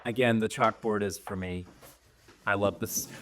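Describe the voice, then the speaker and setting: A man co-hosting a casual podcast about a novel, speaking in a thoughtful, measured way. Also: fairly low pitch, fairly even intonation, fairly bright tone, a little hiss or hum. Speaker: podcast co-host. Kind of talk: casual book discussion.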